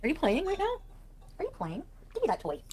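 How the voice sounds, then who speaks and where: Woman rambling on a home livestream, pitch all over the place, lots of um and like, chats to her pets. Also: huge pitch swings, brisk, a little mellow, a little hiss or hum. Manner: rambling, full of fillers, breaks off to talk to pets. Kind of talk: casual livestream chat.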